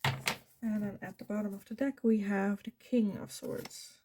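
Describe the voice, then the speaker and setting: A woman's voice: mid-range voice, steady tone, measured pace, background noise. A woman with a Dutch accent giving a pick-a-card tarot reading, thinking aloud and correcting herself as she goes. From Netherlands. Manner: thinking aloud, self-correcting, soft fillers. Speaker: tarot reader.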